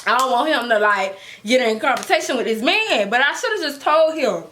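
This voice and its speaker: A young woman spins a story to her camera with loose slang and frequent laughter. Her voice sits high and swoops widely, with a sharp, bright edge. She acts out the other people's lines as she goes. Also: normal speed, slight background noise. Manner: animated, slangy, laughs often, acts out quotes. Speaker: storytime vlogger. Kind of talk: casual storytelling.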